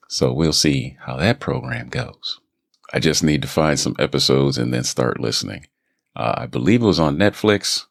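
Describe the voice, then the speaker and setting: A man with an extremely deep, gravelly voice chats loosely on his own podcast. He rambles and restarts his sentences in a relaxed way. He is recorded dry and close on a studio mic in a home booth. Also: moderate pace, dry recording. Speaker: voice actor and podcast host. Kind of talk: casual solo podcast chat. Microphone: studio microphone.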